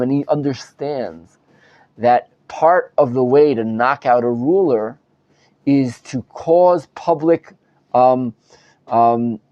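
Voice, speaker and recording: A man's voice: on the high side, warm tone, no echo, muffled recording. A man, a rabbi, giving a live Bible study lecture to students, dramatizing the text with many restarts. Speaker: rabbi teaching a class.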